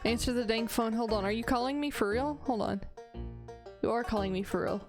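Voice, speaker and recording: A woman's voice: a little high, brisk. A woman streaming a game, chatting casually and playfully teasing, laughing often, with game music behind her. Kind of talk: casual live-stream chat.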